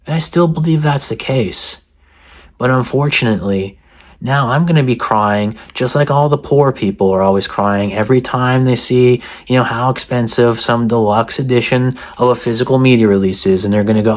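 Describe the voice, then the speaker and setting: Sarcastic low-voiced man ranting. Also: moderate pace. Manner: mock-serious, sarcastic ranting. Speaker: satirical vlogger. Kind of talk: comedic rant to camera.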